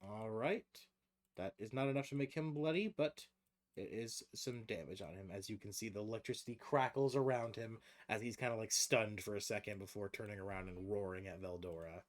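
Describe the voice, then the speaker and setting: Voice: medium pitch, brisk. A game master running a tabletop game on stream, talking casually, swearing freely and laughing often.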